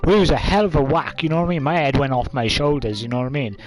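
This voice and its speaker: A man's voice: mid-range voice, very fast, over music. A man of twenty-five, telling a story casually to camera with lots of fillers. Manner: rambling, many fillers, coughs and laughs.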